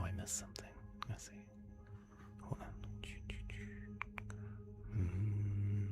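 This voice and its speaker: A man hosting an ASMR live stream, whispering softly and chatting casually, greeting viewers by name and laughing often. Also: lowish voice, gravelly, husky.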